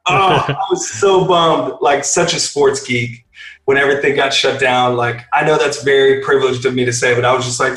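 A man's voice: medium pitch, steady tone, normal speed, a bit bright, echoey room, low-quality recording. A man from a worship band talking earnestly in a casual interview, rambling with many fillers and restarts.

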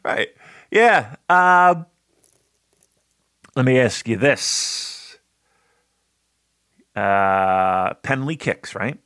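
A man's voice: medium pitch, animated, drawn-out words, long pauses, a bit bright, clean tone, no echo, clean studio sound. A man co-hosting a podcast in casual chat, laughing easily and asking questions. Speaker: podcast co-host.

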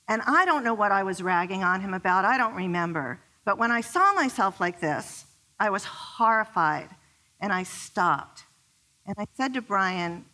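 A woman relationship expert giving an animated talk to a live audience, telling personal stories and asking the crowd questions. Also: on the high side.

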